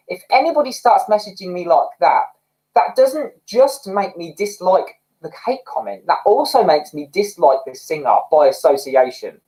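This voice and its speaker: Chatty man with a lively pitch. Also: measured pace, poor audio. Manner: chatty, rambling, expressive. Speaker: livestream host. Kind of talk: casual livestream chat reading comments.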